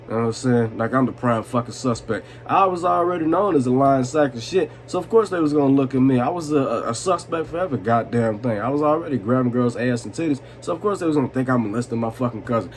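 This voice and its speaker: Tipsy guy rambling through a story, lots of cussing and laughing, mid pitch, bit of hiss behind him. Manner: loose, swearing, laughing, asks "you know what I'm saying". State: tipsy from vodka. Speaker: vlogger telling a story. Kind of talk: drunk storytime, casual and profane.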